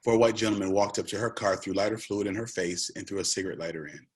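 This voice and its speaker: Male presenter, lowish voice, earnest and emphatic, conversational online talk. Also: fairly even intonation, fast talker.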